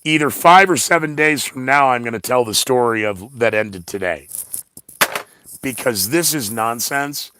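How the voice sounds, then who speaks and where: A man's voice: medium pitch, a little slow, pushed and bright, slight background noise. A man hosting his own podcast, talking in a rambling, blunt monologue full of sarcastic asides. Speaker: podcast host.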